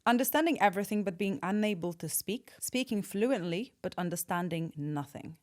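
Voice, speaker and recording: A woman hosting a casual interview, playful and quick with her questions, laughing along with the guest. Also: mid-range voice, expressive, a little mellow. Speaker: podcast host.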